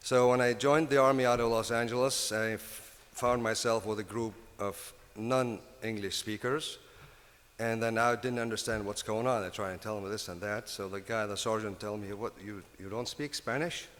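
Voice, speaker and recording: A man in his fifties from Lebanon with a heavy Lebanese Arabic accent. He speaks on a panel in halting bursts with many restarts. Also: lowish voice, flat delivery, fairly bright tone. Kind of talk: panel talk. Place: convention hall. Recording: reverberant conference hall.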